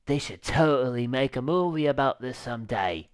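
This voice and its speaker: A man commentating a game as he plays it, talking casually and thinking out loud. He swears freely, in an ordinary mid-pitched voice. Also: lively intonation, moderate pace, clear, resonant tone. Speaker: gaming YouTuber. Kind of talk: let's-play commentary.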